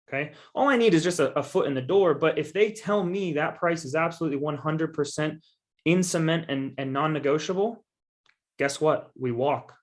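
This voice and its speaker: A man's voice: a little high, a little fast. Emphatic man giving a coaching talk. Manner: emphatic and persuasive, with frequent repeated assurances; casual, addresses listeners directly as "guys". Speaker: guest speaker on real estate investing. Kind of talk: coaching presentation to an audience.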